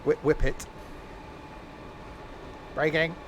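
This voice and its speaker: A man's voice: fairly high pitch, flat delivery, very slow, a bit bright, slight background noise. A man streaming a train simulator, chatting casually and jokily while doing silly mock passenger announcements. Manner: chatty, silly, jokey asides.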